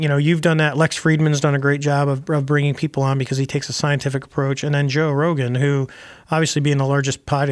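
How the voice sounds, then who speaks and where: An older man, a retired Navy pilot, telling anecdotes as a guest in a casual interview, rambling with restarts and wry asides. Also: a little high.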